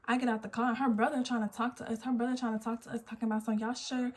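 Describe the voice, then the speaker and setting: Animated young woman telling a story. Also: fairly high pitch, very fast. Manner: animated storytelling, acting out quotes. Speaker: vlogger. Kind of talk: storytime vlog. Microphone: phone camera.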